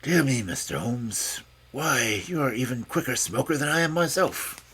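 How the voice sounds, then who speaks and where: A man's voice: mid-range voice, expressive, moderate pace, fairly bright tone, husky. A man voicing a frail old male scholar who speaks with a mincing, precise manner. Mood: fussy.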